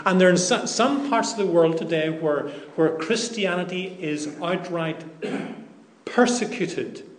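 A man preaching a sermon, deliberate and emphatic, repeating key phrases for weight. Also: high voice. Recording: echoey room.

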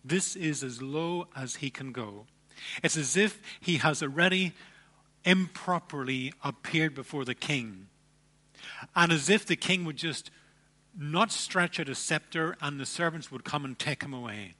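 A man preaching a sermon, emphatic, with dramatic pauses and repeated phrases. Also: a little high, pushed and bright. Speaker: pastor.

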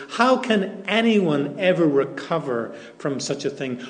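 A man preaching a sermon, deliberate and emphatic, repeating key phrases for weight. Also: a little high. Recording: echoey room.

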